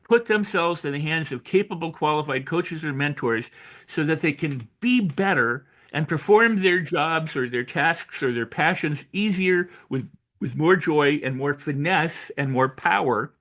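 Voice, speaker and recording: An older man, an author and coach, talking in an interview with animated storytelling, acting out quoted voices and often restarting his sentences. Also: a little high. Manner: frequent restarts and repetitions. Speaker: author and personal growth coach. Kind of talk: interview conversation.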